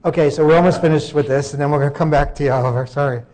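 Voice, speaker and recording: A man's voice: on the high side, fairly even intonation, darkish tone. A man giving a live conference presentation, often stopping mid-sentence to sort out his slides. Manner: halting, breaks off mid-sentence to fix tech.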